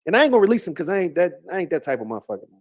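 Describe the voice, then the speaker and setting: This middle-aged YouTuber speaks in a high, sing-song voice and talks very fast. His angry rant is full of nonstop swearing and repeated insults.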